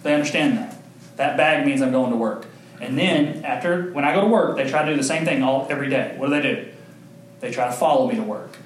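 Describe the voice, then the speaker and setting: A young adult man preaching a sermon as pastor, earnest and emphatic, telling stories with lively acted quotes. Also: fairly quick, pauses often. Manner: animated storytelling with acted quotes, big pitch jumps. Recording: echoey room with faint ambient noise.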